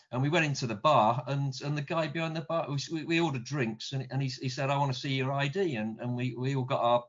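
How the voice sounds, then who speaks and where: A middle-aged British man telling anecdotes in casual chat. He rambles, repeats his words a lot and swears a little. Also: mid-range voice. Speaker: guest. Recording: dull lo-fi recording.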